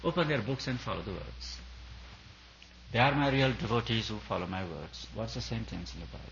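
A man's voice: on the low side, fairly quick, gravelly, fairly bright tone, lo-fi sound, a little hiss or hum. A man giving a sermon as a spiritual teacher, in an emphatic preaching style that repeats and builds on its phrases. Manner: emphatic, repetitive preaching cadence.

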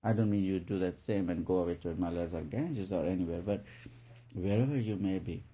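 A man gives a spiritual talk in a fairly low, breathy voice, pausing and restarting often and laughing softly. The sound is thin and phone-like. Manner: halting, many restarts, soft laughs. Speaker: spiritual teacher. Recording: tinny phone-like lo-fi recording.

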